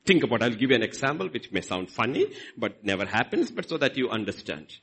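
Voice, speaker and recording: A man's voice: mid-range voice, sing-song, fast, slightly rough, rough recording. Dramatic Indian man preaching. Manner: dramatic, swings between loud emphasis and soft asides. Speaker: pastor. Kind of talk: sermon.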